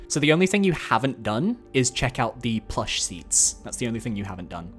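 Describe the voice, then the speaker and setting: A man's voice: mid-range voice, big pitch swings, fairly quick, few pauses, a bit bright, faint music behind. A man from Cornwall hosting and narrating a choose-your-own-adventure game, playful and often giggling.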